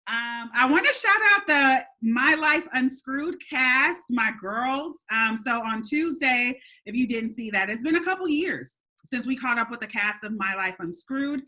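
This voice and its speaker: A woman hosting a casual live stream, talking in a chatty way with lots of "um"s and giving shout-outs, with a slightly nasal voice. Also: a little high, expressive, a little slow, hardly any pauses. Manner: chatty, warm shout-outs with frequent laughs and "um"s. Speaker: host. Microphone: webcam or phone mic for a live stream.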